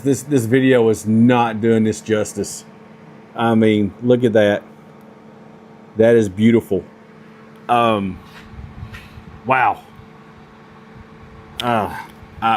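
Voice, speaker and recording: Slow-talking, gushing male knife reviewer. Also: fairly low pitch, a little hiss or hum. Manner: excitable and gushing, with many fillers and restarts. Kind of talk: casual product review vlog.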